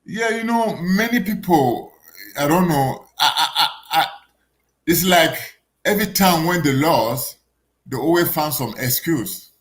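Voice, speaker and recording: Animated man from Africa telling stories. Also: fairly high pitch, a little slow. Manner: lively storyteller in broken English, acts out quoted voices. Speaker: guest boxer. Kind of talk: casual storytelling.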